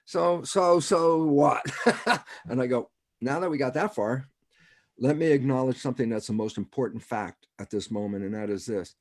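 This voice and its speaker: A man's voice: mid-range voice, brisk, warm tone. A man on a video call, explaining in a conversational way and often chuckling as he asks himself rhetorical questions. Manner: rhetorical, keeps asking himself "why is that relevant?". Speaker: guest speaker.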